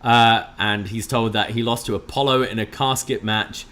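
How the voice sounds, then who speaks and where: A man's voice: lowish voice, fairly even intonation, moderate pace, a bit bright. A man from Britain whose accent has drifted toward Canadian, co-hosting a casual podcast and recapping the events in a dry, understated way. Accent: mixed British and Canadian. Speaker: co-host.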